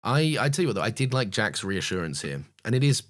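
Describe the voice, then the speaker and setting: A young man with a lowish voice, co-hosting a casual podcast chat. He rambles, swears freely and trips over his own sentences, circling back to restart. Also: big pitch swings, quick pace, fairly bright tone. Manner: sweary, rambling, self-interrupting. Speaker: podcast co-host.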